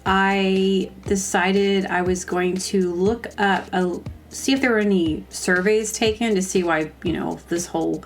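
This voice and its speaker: A woman hosting a comedy show, ranting in a rambling, exasperated casual monologue that stops and corrects itself. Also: on the low side.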